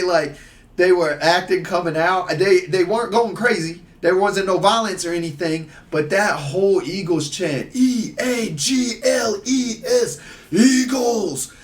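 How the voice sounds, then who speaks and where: A man with a fairly high voice tells stories over casual chat, throwing himself into the voices of the people he quotes. He sits a little back from the mic, so his voice sounds somewhat distant. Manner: animated, laughing storyteller who acts out voices. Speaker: podcast guest. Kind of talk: casual storytelling.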